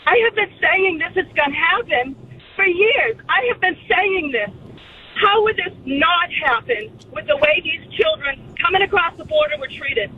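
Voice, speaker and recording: Upset female caller, high-pitched, heard over a tinny phone line. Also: animated, normal speed, slight background noise. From Massachusetts. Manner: upset, urgent, emotional. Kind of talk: call-in radio conversation.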